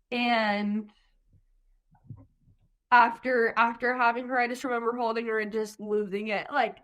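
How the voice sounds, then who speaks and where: A woman's voice: a little high, fairly bright tone. A young woman in her twenties, a guest on an interview show, telling her own birth story with many ums and likes, tearful at moments. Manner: lots of "like" and "um", quotes others. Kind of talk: emotional personal storytelling.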